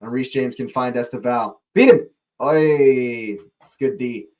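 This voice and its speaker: An excitable host of a live watch-along, he gives fan play-by-play and chats with viewers, greeting them along the way, and his voice leaps up at near chances. His mid-range voice is unhurried.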